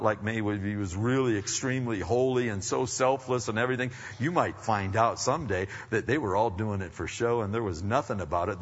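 A middle-aged man preaching a conversational sermon as pastor, swinging between loud emphasis and hushed asides. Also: fairly low pitch, husky. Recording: dull sound with long hall reverb.

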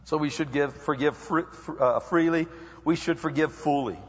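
A man preaches an animated sermon and acts out the people he quotes. His voice sits high and carries a long reverb through a large hall. The recording is dull and lo-fi. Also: moderate pace. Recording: echoey hall, dull lo-fi sound.

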